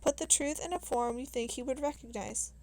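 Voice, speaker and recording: A calm, knowing woman who explains things matter-of-factly, read aloud by a woman narrator. Her voice is fairly high and unhurried. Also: lightly acted, rough recording.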